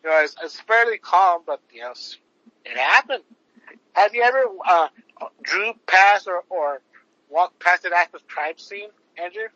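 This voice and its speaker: A man's voice: high voice, animated, measured pace, pushed and bright, dry recording. A man co-hosting a podcast, telling a story in a rambling, profane way, full of fillers, on a dull lo-fi recording. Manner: rambling, swears often, lots of fillers. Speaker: podcast co-host. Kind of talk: casual profane chat. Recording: dull lo-fi sound.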